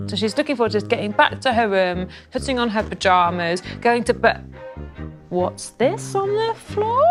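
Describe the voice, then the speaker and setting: A woman telling a comic history story in a rambling, cheeky, casual way. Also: mid-range voice.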